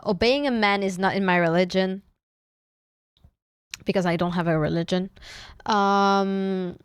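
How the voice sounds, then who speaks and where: A woman's voice: mid-range voice, smooth, no room sound, studio quality. A young woman, streaming in casual chat, playfully teasing her viewers and often restarting her sentences. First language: French. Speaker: VTuber streamer.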